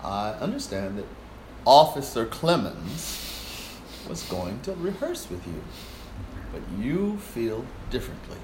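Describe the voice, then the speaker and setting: A soft-spoken, gentle man scolds in slow, even words, as a man impersonates him while telling a story. His hushed voice rises and falls as he speaks. The room around him rings with echo. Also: mid-range voice, background noise. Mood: calm reproach. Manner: slow, measured reproach. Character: gentle calm man, quietly stern.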